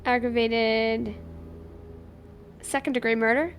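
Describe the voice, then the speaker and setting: Gravelly woman roleplaying a cop. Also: fairly high pitch, slow pace, slight background noise. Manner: animated, recounts events acting out both sides of the dialogue. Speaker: streamer playing a police officer in a roleplay server. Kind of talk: in-character roleplay storytelling.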